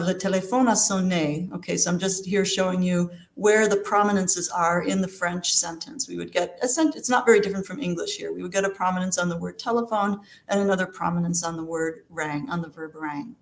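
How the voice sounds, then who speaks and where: A woman giving an academic lecture on linguistics, explaining in a measured way with frequent ums and uhs. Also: medium pitch, reverberant.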